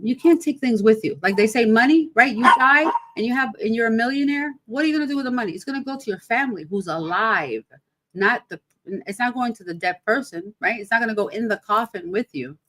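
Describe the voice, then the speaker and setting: Grief is the topic as a podcast host in her fifties talks in a mid-range, slightly bright voice, with a little background noise. Her manner is loose and rambling yet emphatic, full of rhetorical questions.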